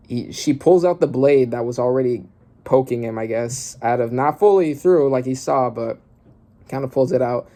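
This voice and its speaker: A man reading through a manga chapter aloud and reacting, often bursting into loud exclamations and swearing. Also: mid-range voice, moderate pace.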